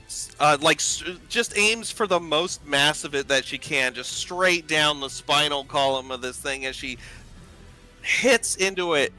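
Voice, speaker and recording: A man runs a tabletop game, describing the action in a loose, rambling flow packed with fillers. His voice is strikingly bright and forceful, with faint music playing underneath. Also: medium pitch. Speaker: game master.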